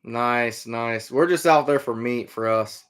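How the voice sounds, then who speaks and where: A man's voice: medium pitch, measured pace, fairly bright tone, clear, resonant tone. A middle-aged man from Iowa hosting a casual livestream, answering viewer comments in an easygoing, rambling way with lots of fillers. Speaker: livestream host, trapper and hunter.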